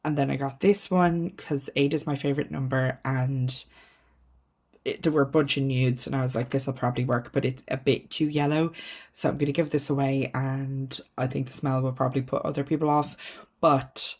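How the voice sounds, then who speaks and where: Low-voiced woman chatting through a declutter. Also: fairly even intonation, normal speed, a little mellow. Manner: chatty, thinking aloud, trailing off with ums; frank and self-mocking. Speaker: beauty vlogger. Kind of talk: casual makeup declutter chat.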